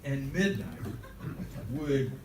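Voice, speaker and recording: A man's voice: medium pitch, takes it slowly, background noise. An older man, an interview guest, telling anecdotes and laughing through them. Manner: laughs through his stories, acts out quotes. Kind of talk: anecdotal storytelling. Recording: roomy, distant mic.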